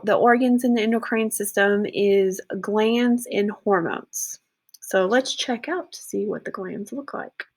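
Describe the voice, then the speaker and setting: A woman teacher talking students through a lesson in a casual way, often checking in with "okay" and pausing on "um". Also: medium pitch.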